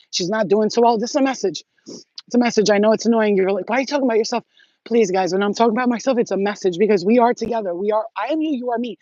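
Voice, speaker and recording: High-voiced woman ranting, lo-fi and dry. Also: no room sound. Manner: animated, profane, rambling. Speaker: spiritual healer and psychic. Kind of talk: rambling livestream monologue.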